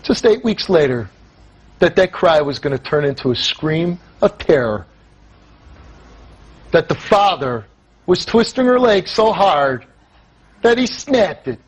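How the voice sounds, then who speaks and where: A man's voice: fairly high pitch, sing-song, a little slow, pauses often, slightly rough, dry recording, dull audio. Angry, accusing talk show host man. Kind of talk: confrontational talk show hosting.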